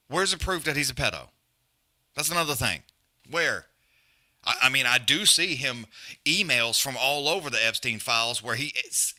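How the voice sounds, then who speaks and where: Brash, foul-mouthed streamer, bright sharp voice, rambling and repetitive. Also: male voice, medium pitch. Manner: profane, blunt, rambling, repeats himself. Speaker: fight companion stream host. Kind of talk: profane casual rant and live fight commentary.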